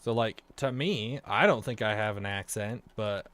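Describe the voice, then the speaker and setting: A man's voice: lowish voice, moderate pace, fairly bright tone. An American man chatting casually through a let's-play, rambling from thought to thought and talking to the game's characters. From United States. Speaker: gaming video creator.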